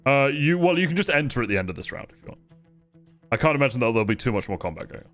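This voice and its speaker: A man's voice: medium pitch, big pitch swings, a bit bright, soft background music. Man narrating as game master. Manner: vivid, unhurried combat narration.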